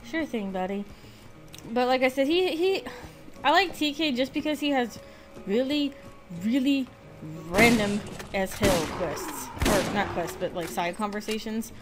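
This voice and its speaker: Casual let's play voice: a woman gamer with a slight lisp, chatty and self-deprecating, over clear game music. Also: fairly high pitch, measured pace. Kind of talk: casual gameplay commentary.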